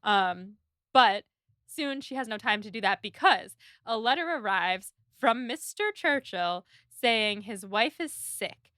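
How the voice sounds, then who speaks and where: A woman's voice: mid-range voice, expressive, slow pace, bright, forceful tone, no room sound, clean studio sound. A woman co-hosting a podcast, recapping a novel in a chatty, casual way with frequent laughs and lots of "like". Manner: chatty, laughing, many likes. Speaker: podcast co-host. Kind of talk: casual book discussion.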